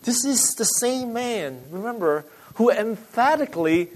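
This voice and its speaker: A male pastor preaching a sermon, explaining scripture conversationally with restarts, swelling into urgent emphasis and then dropping to quiet asides. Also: sits high, lively intonation, measured pace, low-quality recording.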